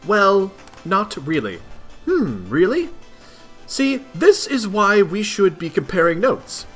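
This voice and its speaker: A man voicing a bubbly, excitable young female sea alien who keeps saying "glub" while reading a webcomic aloud. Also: sits high, slow, faint music behind, pitched above the performer's own voice, heavily acted. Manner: gushing, says "glub" over and over.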